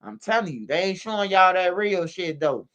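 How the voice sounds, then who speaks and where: A man's voice: sits high, lively intonation, moderate pace, fairly bright tone. A man hosting a casual street news commentary stream, slangy and emphatic, ending lines with "bro" and "man". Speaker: commentary channel host. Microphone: streaming setup microphone.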